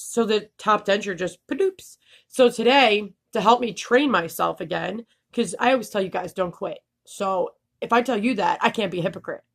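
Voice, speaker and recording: Candid woman vlogger with a slight lisp. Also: medium pitch. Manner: candid, laughing, swears freely. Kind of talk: casual vlog talk.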